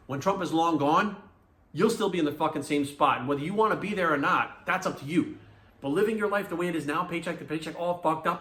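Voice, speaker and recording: A man with a high, fast voice rants hard at his listeners and swears constantly. He lectures bluntly, and the room around him is echoey. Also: fairly bright tone. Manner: angry, profane, blunt lecturing. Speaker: fitness coach. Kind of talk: ranting to camera.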